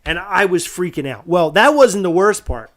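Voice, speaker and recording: Animated high-voiced man telling a story. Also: normal speed. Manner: animated, acts out quotes loudly. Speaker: podcast co-host. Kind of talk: casual storytelling chat.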